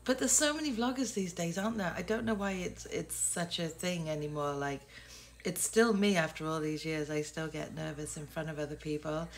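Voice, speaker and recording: A woman's voice: sits low, moderate pace. An English woman in her sixties, chatting casually and rambling in a self-deprecating way to her vlog camera. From England. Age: 60s. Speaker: vlogger.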